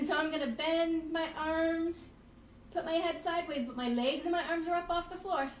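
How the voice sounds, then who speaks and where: A woman who teaches children's yoga, reading a storybook aloud and guiding kids through poses in a lively, playful way. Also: extremely high pitch, normal speed, recorded from a distance, slight background noise. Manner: animated, playful, addresses children as friends. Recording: echoey room, voice off-mic.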